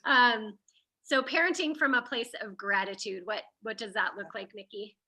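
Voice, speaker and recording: Casting note: woman host, bright forceful tone, conversational. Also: a little high, fairly even intonation, moderate pace, poor audio. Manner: conversational, guiding the topics. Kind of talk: casual discussion.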